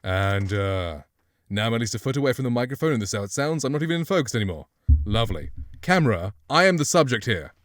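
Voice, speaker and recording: Fast and expressive at a medium pitch, with no audible room sound, a man demos and casually reviews a microphone. He speaks close into a studio condenser mic at his home streaming setup, chatty and rambling, correcting himself again and again.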